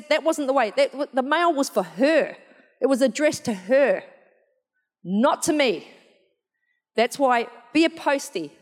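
A woman preaching a sermon in a chatty, humorous storytelling way, full of asides. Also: fairly high pitch. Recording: long hall reverb.

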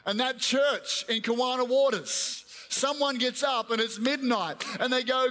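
A man preaching an animated sermon in a church, acting out voices and chanting repeated prayers. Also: very high-pitched, unhurried, hardly any pauses. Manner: animated, acts out God and angels, chanting repetitions. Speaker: pastor. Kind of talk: energetic sermon with acted-out voices. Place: church hall. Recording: long hall reverb.

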